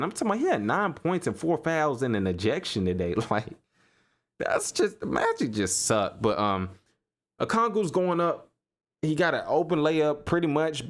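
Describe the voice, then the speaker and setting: A young man hosting a casual solo basketball podcast, talking in a loose, animated way, repeating himself and laughing as he riffs on games. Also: a little high. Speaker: sports podcast host. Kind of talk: casual solo sports commentary.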